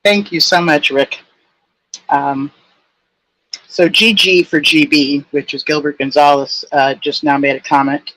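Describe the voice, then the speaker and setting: A woman with a low voice, chatting casually as a caller on a livestream, rambling and laughing easily. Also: fairly even intonation, measured pace, a bit bright, low-quality recording. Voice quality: low, husky-leaning voice. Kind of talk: casual call-in chat.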